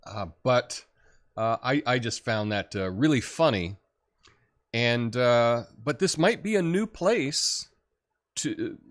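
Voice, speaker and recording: A middle-aged man hosts a solo commentary show in a casual, chatty way. His mid-range voice rises and falls a lot as he talks. He fills pauses with ums and small chuckles and speaks in an opinionated tone. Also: mid-range voice, fairly bright tone. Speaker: host of a political commentary show.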